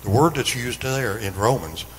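A man's voice: medium pitch, lively intonation, moderate pace, in a large hall, slight background noise, rough recording. A man teaching a Bible lesson in an earnest, repetitive style that builds emphasis. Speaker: Sunday school teacher. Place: church.

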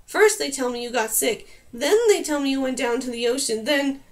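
A woman voicing a female talking pony that speaks briskly, firmly and a little smugly. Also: high-pitched, lightly acted. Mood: cross. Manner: brisk and firm. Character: cross, smug talking pony mare.

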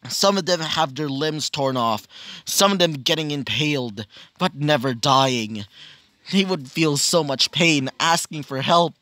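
A man's voice: fairly high pitch, fairly bright tone, dry recording. A man narrating improvised fan fiction in a rambling, casual way, with many fillers and self-corrections. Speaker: storyteller.

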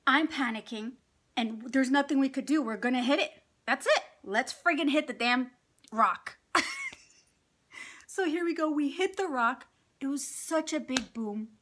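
Woman, middle-aged, casual storytelling vlogger, animated, crisp bright tone. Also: high voice, unhurried. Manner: animated, laughing often, acts out dialogue. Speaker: mukbang vlogger.

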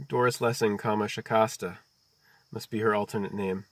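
A man hosting a video who reads a book aloud, breaking off for slow, deliberate wordplay and chant-like lists. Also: lowish voice, fairly even intonation, no echo. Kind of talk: reading aloud mixed with free-associating musings.

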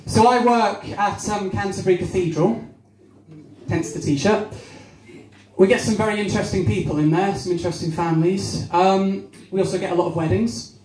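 A young adult man from Devon, England, performs a stand-up set at a small cafe-bar, chatting with the crowd and doing voices. His voice sits high and a little mellow, with fairly even intonation and normal speed. The venue sounds roomy, with faint crowd noise.

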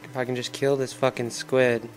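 A man's voice: medium pitch, flat delivery, normal speed, soft background music. A man commenting on his own video game play, swearing heavily and ranting in frustration. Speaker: gaming commentator. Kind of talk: angry let's-play commentary.

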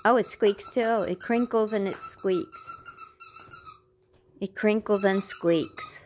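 A woman's voice: medium pitch, slow pace, darkish tone, a little hiss or hum. A woman cooing to her pet at home in repetitive, sing-song talk. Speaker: pet owner.

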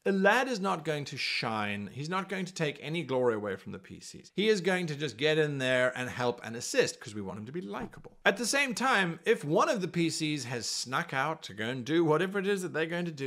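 A man talks through his game master advice in a tutorial. He explains in a chatty, animated way. His voice sits a little high and swings widely in pitch. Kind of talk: tutorial talk to camera.

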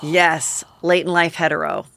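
A woman hosting a casual gossip podcast, rambling along with fillers and quick restarts. Her voice sits on the lower side for a woman. The recording is close and dry. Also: expressive, vocal fry, a bit bright, no room sound. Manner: rambling, chatty, many fillers and self-corrections. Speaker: podcast host.

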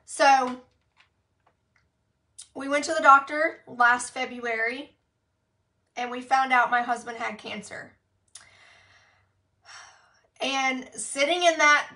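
Brief: young woman, high bright voice, heartfelt storytelling, a little distant from the phone mic. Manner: earnest, heartfelt, many fillers. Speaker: direct sales consultant sharing her story. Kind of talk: casual personal story on a live team training. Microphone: phone live video call.

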